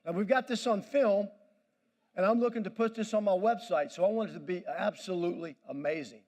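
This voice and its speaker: A man's voice: high voice, brisk, a little mellow. A man giving a motivational speech at a banquet, commanding and pumping up the audience. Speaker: motivational speaker. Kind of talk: energetic crowd-directed speech. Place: banquet hall.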